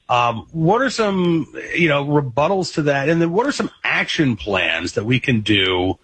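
A man's voice: a little high, big pitch swings, moderate pace, hardly any pauses, fairly bright tone, husky. A man hosting a radio interview, asking casual, rambling questions with plenty of fillers. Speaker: radio host.

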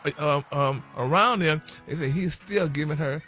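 A man's voice: a little high, moderate pace, sharp tone, faint music behind. An older man from Texas, hosting a radio gossip segment in a flamboyant way and calling everyone "honey" constantly. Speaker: radio show host.

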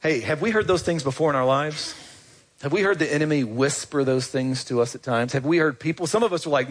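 A man's voice: a little high, brisk. A man preaching a conversational sermon to his congregation as their pastor, asking them questions and urging them to respond. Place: church.

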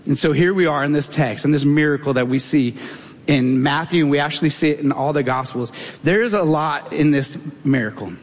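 A man's voice: a little high, fairly quick. A man in his thirties preaching a sermon as a pastor, telling a personal story in a conversational, self-deprecating way. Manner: conversational, self-deprecating, animated when retelling. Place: church sanctuary. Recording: long reverb of a large hall.

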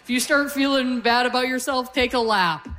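A woman's voice: sits high, moderate pace, big-room sound, noisy background. A woman in her forties from Canada doing a stand-up comedy set on stage, telling wry, conversational stories to a live crowd. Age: 40s. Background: audience laughter.

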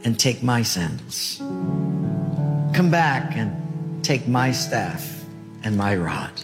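A male preacher voicing God as a patient, fatherly figure who speaks in soft, firm commands, in a sermon story. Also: medium pitch, big pitch swings, slow pace, big-room sound, over loud music, voice pushed down. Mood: tender.

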